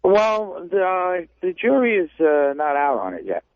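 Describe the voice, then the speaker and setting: A male caller to a radio show, speaking hesitantly and haltingly with many fillers. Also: high-pitched, big pitch swings, no echo. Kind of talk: phone-in chat. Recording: tinny phone line.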